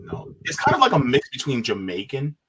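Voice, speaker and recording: A man's voice: medium pitch, huge pitch swings, fairly quick, a bit bright, a little hiss or hum. A man co-hosting a live stream, greeting viewers and reading chat messages aloud with frequent laughs.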